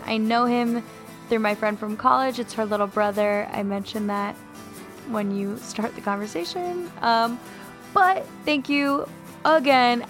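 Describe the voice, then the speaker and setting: A woman podcast host in a put-on British accent, giving a rambling, self-mocking intro monologue. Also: fairly high pitch.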